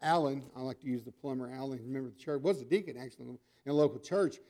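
An older man delivering a sermon, telling stories and acting out the voices of the people in them, moving between loud emphatic lines and soft asides. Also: medium pitch, fast. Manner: animated storytelling, acting out voices in quotes. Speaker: preacher.

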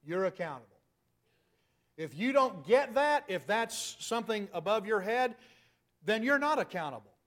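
A middle-aged man preaching a sermon, emphatic, firing rhetorical questions and rising to loud peaks. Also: sits high, very animated, moderate pace.

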